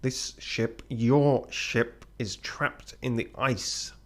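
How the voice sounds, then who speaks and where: A man's voice: mid-range voice, fairly even intonation, drawn-out words, fairly bright tone. Man playing a stern ship's officer. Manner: firm, clipped, reproachful. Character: stern male ship officer, blunt and dutiful.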